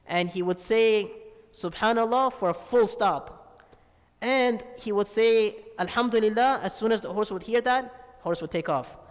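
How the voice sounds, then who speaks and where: A man's voice: sits high, moderate pace, in a large hall. A man preaching a sermon, telling a story and asking rhetorical questions with a frequent "right?". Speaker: Islamic preacher.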